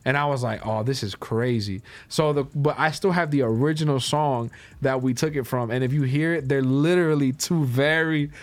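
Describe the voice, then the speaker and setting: A man's voice: mid-range voice, normal speed, hardly any pauses, no echo. A man guest on a podcast, casually telling a long story with loose restarts and lots of quoted back-and-forth. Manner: loose, rambling, many restarts and quoted dialogue. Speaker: podcast guest, music producer.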